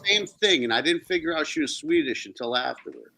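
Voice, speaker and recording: A man guest chatting casually in a relaxed, storytelling way. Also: fairly high pitch, fairly quick, gravelly. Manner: relaxed storytelling, self-interrupting. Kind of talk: casual chat.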